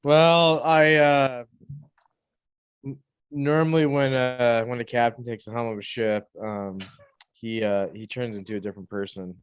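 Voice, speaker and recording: A man playing a tabletop game who talks in a hesitant, halting way. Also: mid-range voice, steady tone, smooth, no room sound. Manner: hesitant, halting, full of ums. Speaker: player.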